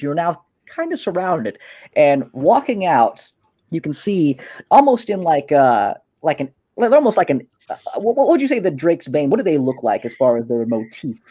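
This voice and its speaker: A young man runs a tabletop game as game master in a loose, rambling style full of fillers. His voice sits a touch high with a soft, mellow tone.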